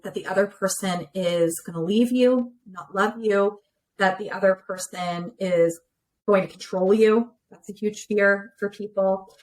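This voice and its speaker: A woman therapist talks in a relaxed, explanatory way, working through ideas step by step on a remote call. She sits at a middle pitch and leans on everyday examples as she makes her points. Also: poor audio. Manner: clear, explanatory, with many examples. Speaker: relationship therapist guest. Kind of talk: conversational interview explanation.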